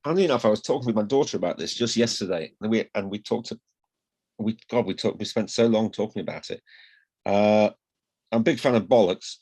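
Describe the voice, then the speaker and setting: A middle-aged man from Hull with a slight northern accent and flat vowels, chatting as an interview guest in a rambling, self-deprecating way. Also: lowish voice, fast talker. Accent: slight northern English, flat vowels. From Hull, England. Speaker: guest, newspaper columnist. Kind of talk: casual interview chat.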